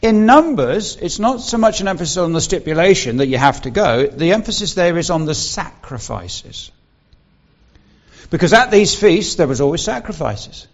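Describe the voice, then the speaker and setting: A man's voice: fairly high pitch, very animated, normal speed, muffled recording. A man preaching a Bible-teaching sermon, explaining earnestly and stressing key words.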